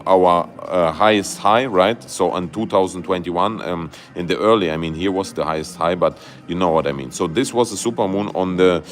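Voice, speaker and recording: Low-voiced man streaming live chart commentary. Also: normal speed, hardly any pauses. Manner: excitable, loose grammar, many fillers and "guys". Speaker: crypto livestream host.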